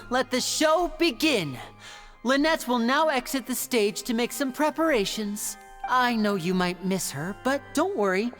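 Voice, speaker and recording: A charming young stage magician in a video game cutscene. His fairly high voice swoops about with a showman's smooth, teasing flair. Faint music plays beneath. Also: fairly bright tone.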